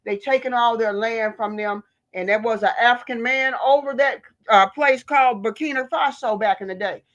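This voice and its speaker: A woman from the United States delivers a fiery, preachy political rant with heavy emphasis. Her voice is high. The recording sounds slightly dull and lo-fi. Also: moderate pace, fairly bright tone. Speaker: vlogger.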